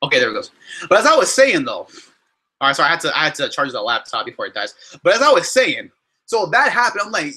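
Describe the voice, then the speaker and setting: A young man hosting a casual question-and-answer vlog, talking in an animated, exasperated way with many restarts and fillers. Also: sits high, fast talker, husky. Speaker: YouTuber answering fan questions.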